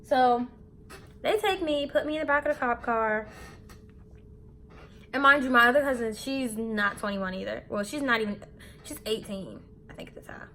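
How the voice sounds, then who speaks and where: A young woman in her twenties telling a candid, animated story about her own mistake while getting ready, swearing casually. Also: fairly high pitch, moderate pace, pauses often, slight background noise. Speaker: beauty vlogger.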